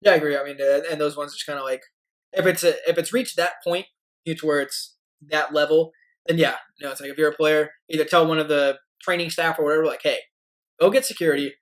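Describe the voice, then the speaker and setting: A man co-hosting a sports podcast, talking casually and haltingly with lots of "you know" asides. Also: a little high, steady tone, rough recording. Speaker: podcast co-host.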